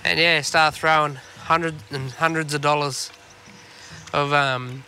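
A laid-back Australian man, very bright and forward in tone and a touch high for a man, chatting and rambling on a fishing podcast. He swears freely as he goes. It's recorded out on a boat, with faint noise underneath. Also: fairly even intonation, measured pace. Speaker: podcast co-host. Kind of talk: casual chat. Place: on a boat on the water.

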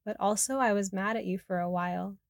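A woman's voice: medium pitch, fairly even intonation, a little fast, creaky, no room sound, studio quality, lightly acted. A woman voicing a rueful, candid man. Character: remorseful man recovering from head injury.

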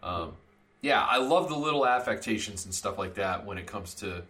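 A man's voice: on the low side, lively intonation, moderate pace, sharp tone. A man co-hosting a film review podcast in casual chat, thinking aloud with restarts. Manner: hesitant, lots of restarts. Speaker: podcast host.

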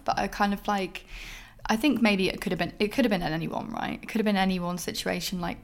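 Young woman telling stories on her own podcast, speaking in a frank, loose, meandering way and leaning on "like" constantly. Her voice sits at an ordinary middle pitch for a woman. It is relaxed, unscripted solo talk recorded at home. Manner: candid, rambling, heavy use of "like". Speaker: podcast host. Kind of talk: casual solo podcast monologue. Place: her flat.

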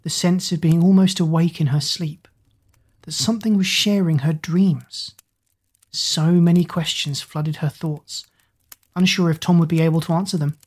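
A woman narrating a storybook in an even, measured reading voice. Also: fairly low pitch, husky.

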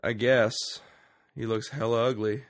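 A man co-hosting a podcast, casually retelling a film's plot with quick acted-out quotes. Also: mid-range voice, little pitch movement. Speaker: podcast co-host. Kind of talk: casual movie review chat.

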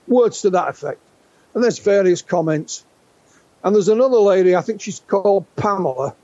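Being interviewed about UFOs, an Englishman in his sixties relates witness accounts with lively energy, stumbling and repeating words when he starts over. He has a high voice for a man, recorded in a flat, lo-fi, completely dry sound.

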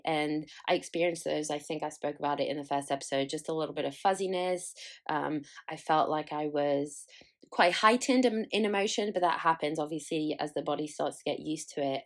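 Young woman doing a solo podcast, chatty and candid, swears a lot, pokes fun at herself. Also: fairly low pitch. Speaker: podcast host.

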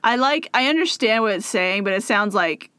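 A giggly, sarcastic woman in casual chat, her pitch leaping up and down as she talks. The sound is dry and close, with no room around her voice. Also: lively intonation, pushed and bright, clear, resonant tone, dry recording. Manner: giggly, sarcastic, quick to laugh. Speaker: co-host guessing state mottos.

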